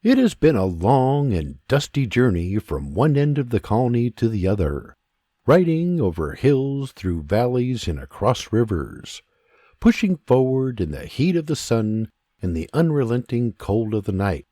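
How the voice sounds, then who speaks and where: A man narrating a historical audiobook in an unhurried, expressive storytelling manner. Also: medium pitch, no room sound, studio quality.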